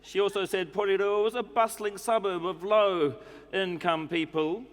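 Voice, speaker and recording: A man's voice: high-pitched, fairly even intonation, unhurried, big-room sound, pitched above the performer's own voice. A man putting on a prim New Zealand letter writer. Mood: fussy, formal. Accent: New Zealand (put on). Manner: formal, fussy letter-reading delivery. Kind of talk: stand-up comedy reading. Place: comedy club stage.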